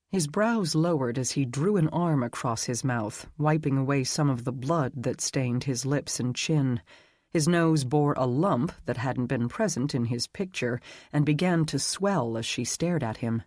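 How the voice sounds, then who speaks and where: A man narrating a dark fantasy audiobook in a measured, slow dramatic reading. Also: mid-range voice, no echo, studio quality. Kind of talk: scripted narration.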